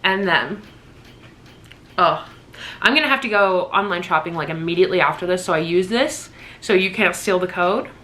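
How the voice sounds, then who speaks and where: A woman in her twenties chatting excitedly in a casual birthday haul vlog at home, gushing and swearing casually. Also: on the low side, moderate pace, pauses often. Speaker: vlogger.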